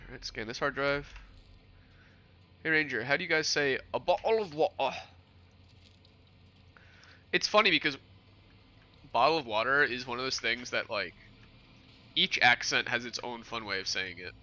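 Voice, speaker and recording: The highs are cut off in this clip of a young New Yorker streaming a game, chatting casually, rambling, and answering viewers. His mid-range voice sounds pushed and bright, at a normal speed with long pauses.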